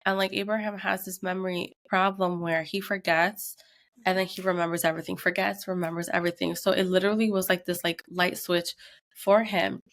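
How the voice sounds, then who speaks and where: A woman's voice: lowish voice, brisk. A woman in her thirties, a podcast co-host, telling a tense family story in casual chat and acting out the quotes. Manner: animated retelling with acted quotes.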